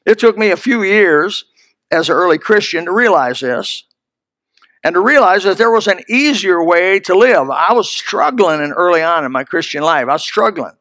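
A man's voice: high voice, animated, normal speed, a bit bright, no room sound. A man preaching a sermon in a folksy, emphatic way, speaking straight to his listeners.

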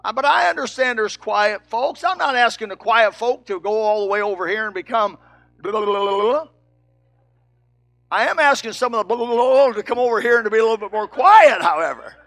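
High, gravelly preacher man shouting. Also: lively intonation, fast talker, few pauses. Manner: swings from shouting to soft and low. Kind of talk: sermon.

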